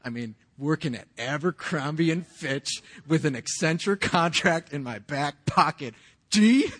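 With a somewhat high, pushed, bright voice that's slightly rough, a pastor in his forties preaches at a measured pace. It's a sermon built on personal testimony, delivered conversationally with slang and frequent restarts.

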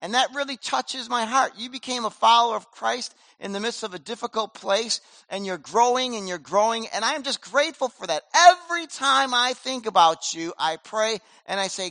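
A man preaching a sermon as pastor, animated and conversational, with casual slang. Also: sits high, moderate pace, vocal fry, no echo.

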